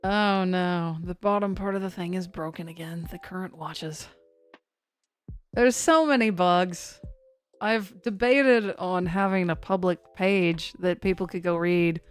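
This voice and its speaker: A woman's voice: fairly low pitch, a little slow, clean tone. A woman hosting a severe weather live stream, chatting loosely and poking fun at herself as she talks to her chat. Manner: rambling and self-mocking, talks to chat.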